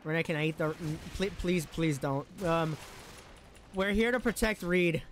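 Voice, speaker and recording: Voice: mid-range voice, normal speed, a little hiss or hum. A game streamer chatting casually on a live stream, rambling, giggling and tripping over words.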